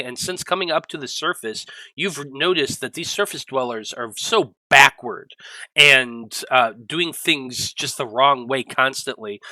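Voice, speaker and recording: A man narrating as game master of a tabletop role-playing game, halting often with ums and restarts. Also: mid-range voice, bright, forceful tone, no echo, poor audio.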